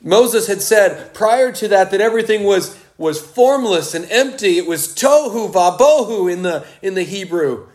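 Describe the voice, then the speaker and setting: A man preaching a sermon, slow and emphatic, with dramatic pauses. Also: sits high, lively intonation.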